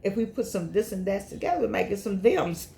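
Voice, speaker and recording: An older woman talking straight to her viewers in a chatty monologue. Her voice sits at a middle pitch and is slightly unclear from missing teeth. She scolds freely, and her pitch jumps up high when she gets going. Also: a little fast, gravelly, background noise. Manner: chatty, scolding, repeats herself, animated rises. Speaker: vlogger and author. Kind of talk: casual monologue to camera.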